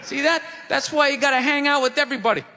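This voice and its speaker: A man doing a stand-up set on a theater stage, ranting in a loud, exasperated way into a handheld mic. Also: very high voice, quick pace. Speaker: stand-up comedian. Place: theater stage before a live audience. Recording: live theater recording with audience noise and reverb.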